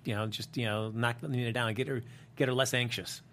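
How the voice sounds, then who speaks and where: A man's voice: medium pitch, steady tone, fast talker, a bit bright, a little hiss or hum. A man co-hosting a TV recap show in casual chat, sounding exasperated and opinionated.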